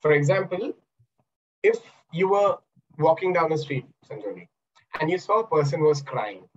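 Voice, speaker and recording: A man's voice: fairly high pitch, animated, normal speed, dull audio, a little hiss or hum. A man coaching in a webinar over a video call, explaining by asking questions and acting out examples. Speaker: NLP coach and trainer. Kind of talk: webinar talk.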